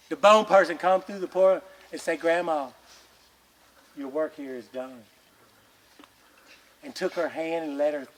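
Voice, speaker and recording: Animated folksy male storyteller, high voice. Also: slight background noise. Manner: animated, folksy, with colloquial asides. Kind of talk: oral folk storytelling.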